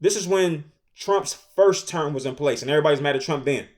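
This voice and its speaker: A man in his thirties giving casual opinion commentary, animated and repetitive, with slang. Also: a little high, a little fast. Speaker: commentary host.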